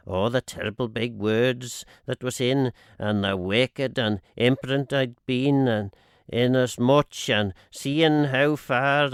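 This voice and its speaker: A man reading a dialect narrative poem aloud on radio, measured and expressive, lifting and dropping his voice for the quoted speakers. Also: clean tone, dry recording, studio quality. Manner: measured and expressive, swinging pitch on quoted lines. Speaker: radio reader. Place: radio studio.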